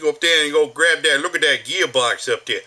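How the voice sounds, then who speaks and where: A man's voice: a little high, a little fast, pushed and bright, voice pushed up. A man putting on a New Jersey-style mobster voice for a bossy male coworker. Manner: bossy, tough-guy delivery. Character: gruff male coworker sounding like a 1940s mobster.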